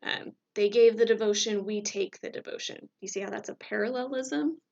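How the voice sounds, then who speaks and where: A woman's voice: mid-range voice, normal speed, vocal fry, a little mellow, dull audio. A woman teacher talking through a recorded lecture in a conversational way, checking in with "right?" and using fillers.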